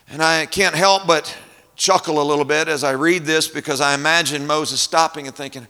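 A man preaching at a conference, retelling a story in vivid, unhurried detail, in a hall with long reverb. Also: on the high side, pushed and bright. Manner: imaginative, descriptive, unhurried.

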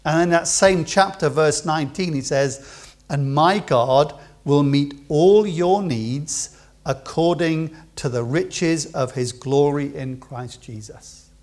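A man preaching a sermon to his congregation, building to loud emphatic peaks and then dropping to quiet asides. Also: fairly high pitch, slow. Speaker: pastor. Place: church.

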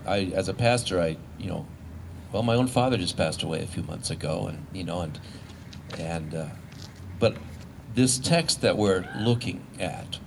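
A man's voice: mid-range voice, slight background noise. A man who is a pastor, preaching a sermon in a conversational way, with restarts and rhetorical questions to the congregation.

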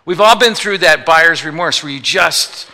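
A man with a slightly high, piercingly bright voice delivers a sermon, teasing the congregation and slipping into quick acted voices for the people in his examples. His words ring out with the long reverb of a big sanctuary. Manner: jokey, acts out little voices for the people he quotes. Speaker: pastor. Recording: long reverb of a large hall.

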